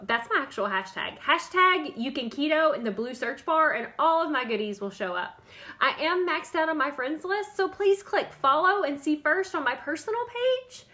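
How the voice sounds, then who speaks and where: A woman's voice: high voice, pushed and bright. A woman in her thirties or forties, talking on a live stream as a diet coach, chatty and repeating herself, calling out viewers by name. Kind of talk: Facebook Live talk.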